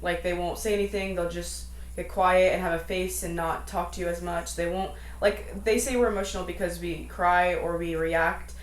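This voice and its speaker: A woman's voice: fairly low pitch, fairly even intonation, moderate pace. A young adult woman co-hosting a podcast, talking thoughtfully and agreeing often. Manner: agreeable, thoughtful, frequent backchannel. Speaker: podcast co-host. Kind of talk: casual discussion. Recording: echoey room.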